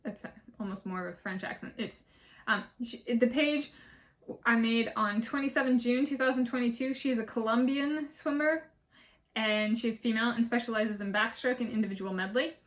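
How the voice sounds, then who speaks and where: Slightly high-voiced woman listing methodically. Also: normal speed, a bit bright. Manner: methodical, repetitive, with frequent fillers and restarts. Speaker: vlogger. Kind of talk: casual spoken list walkthrough.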